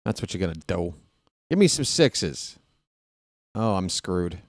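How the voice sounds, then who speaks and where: Man, stream host, playful trash talk, unhurried delivery, dry close sound. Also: sits low, sing-song, no room sound. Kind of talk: casual live-stream chat.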